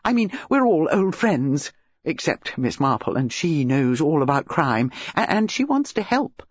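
A man's voice: fairly high pitch, sing-song, a little slow, husky, no room sound, full character voice. A man voicing a direct, zestful older woman who speaks eagerly and impatiently in a dull lo-fi recording.

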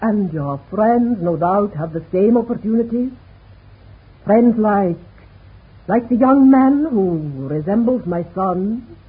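A woman's voice: medium pitch, lively intonation, takes it slowly, breathy edge, heavily acted. An actress playing a proud, secretive older Corsican mother, speaking in a grave, formal manner in a vintage radio drama. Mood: probing. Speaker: mother of the household. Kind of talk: 1940s radio acting. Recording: tinny old radio broadcast.

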